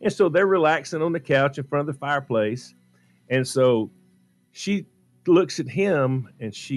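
A man who is a regular on a radio talk show, retelling a movie for laughs, dropping into a low voice for each character's lines and laughing often. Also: a little slow, faint music behind. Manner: laughs often while talking. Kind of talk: animated comic movie recap.

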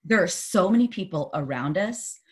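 A woman who is a podcast guest, telling personal stories in an animated way and laughing often. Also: fairly low pitch, moderate pace. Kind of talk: conversational interview.

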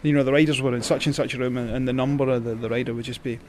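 A man's voice: mid-range voice, fairly even intonation, rapid-fire. A Scottish man, a cycling journalist, telling stories as a guest, rambling with many fillers and restarts. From Scotland. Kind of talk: casual storytelling.

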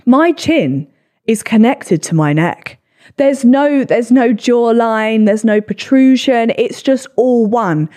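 A woman in her twenties with a low voice, hosting a solo podcast and reading comments with sarcastic, sweary, self-deprecating chat. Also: expressive, takes it slowly, mellow. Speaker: podcast host.

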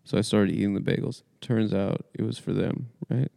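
A man co-hosting a podcast, telling rambling dream stories in a deadpan, casual way. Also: fairly low pitch, moderate pace, vocal fry, no room sound. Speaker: podcast co-host. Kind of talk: casual comedic chat. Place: small dry studio room.

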